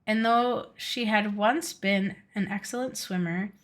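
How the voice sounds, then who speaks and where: A woman streamer reading a storybook aloud from a game, steady with small slips and restarts. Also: medium pitch, measured pace.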